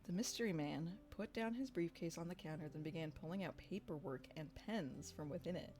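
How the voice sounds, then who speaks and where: A young woman reading a visual novel aloud and reacting with excitable jokes and bursts of laughter. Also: on the low side, brisk. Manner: excitable, joking, loud laughing outbursts. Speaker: streamer playing a visual novel.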